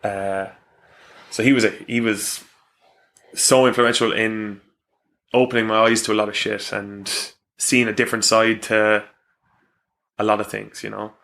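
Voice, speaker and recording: A man's voice: lowish voice, flat delivery, unhurried, vocal fry, long pauses, a bit bright. A man in his thirties, a rugby player being interviewed, telling frank stories with swearing and laughs. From Ireland. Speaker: professional rugby player, guest. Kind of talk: casual interview chat.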